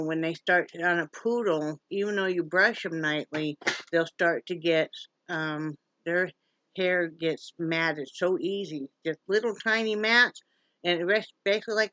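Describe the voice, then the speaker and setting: A woman's voice: on the low side, a bit bright, dry recording. A chatty woman from Wyoming vlogging at home, switching between folksy talk to viewers and coaxing, sing-song baby talk to her dog. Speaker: vlogger, pet rescuer. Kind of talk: casual home vlog.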